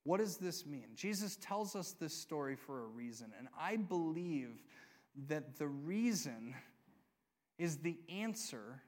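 A pastor delivers a sermon slowly in a slightly high voice, reading scripture and speaking conversationally. He shifts between loud excitement and hushed asides.

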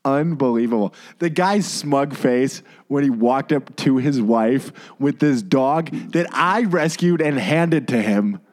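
A man's voice: medium pitch, takes it slowly, hardly any pauses, a little mellow. A man, co-hosting a podcast and ranting heatedly with lots of swearing. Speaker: podcast co-host.

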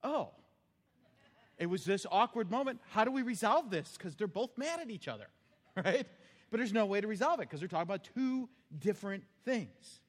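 A man's voice: high voice, big pitch swings, normal speed, long reverb tail. A man preaching a sermon as pastor, telling stories in a plain, earnest, conversational way.

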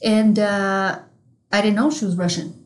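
A woman co-hosting a relaxed podcast, casually chatting. She tells a loose, meandering story, padding it with fillers and correcting herself mid-sentence. Her pitch sits at an everyday middle level. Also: unhurried, low-quality recording. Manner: rambling storytelling with fillers and restarts. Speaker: podcast co-host.

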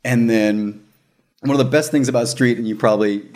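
A man telling a story in casual chat, animated, laughing often and acting out the voices of the people in it. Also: mid-range voice, fairly quick.

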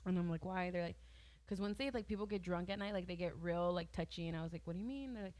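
A woman's voice: lowish voice, fast talker, a little mellow. Giggly young woman in casual chat. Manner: chatty, giggly, heavy filler words, swears casually.

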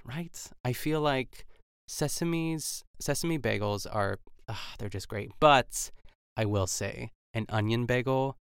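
Gravelly, rambling male podcast host. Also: mid-range voice, no room sound, studio quality. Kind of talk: casual podcast recap chat.

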